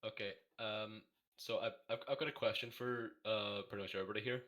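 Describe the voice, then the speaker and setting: A speaker from Northern Ireland in a casual podcast chat, lively and incredulous. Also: mid-range voice, brisk.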